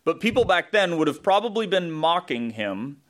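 A man's voice: a little high, big pitch swings, moderate pace. A man with a Southern US accent, a pastor preaching a conversational sermon, thinking aloud with asides and self-corrections.

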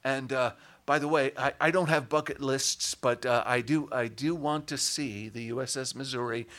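An older man preaching a sermon in an animated way, rising to loud, emphatic shouts on key words. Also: mid-range voice, normal speed. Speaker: pastor.

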